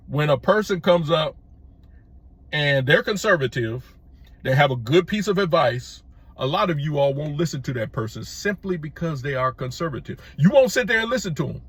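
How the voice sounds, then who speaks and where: This YouTube channel host, a middle-aged man, delivers an emphatic, repetitive opinion piece, often restarting with stammered false starts. His voice is fairly high, husky and fairly bright, expressive at a moderate pace, with no echo.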